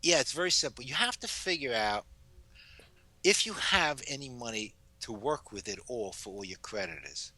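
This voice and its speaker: A man, giving advice as a guest in a casual interview and telling stories with lively energy. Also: mid-range voice, normal speed, no echo. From New York. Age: 70s. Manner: animated storyteller. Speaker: guest author.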